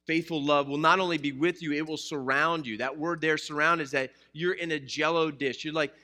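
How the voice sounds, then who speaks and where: A man's voice: a little high, steady tone, fairly quick, pushed and bright. A man preaching a sermon to a live congregation in a church, mixing scripture with jokes and questions to the listeners. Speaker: pastor.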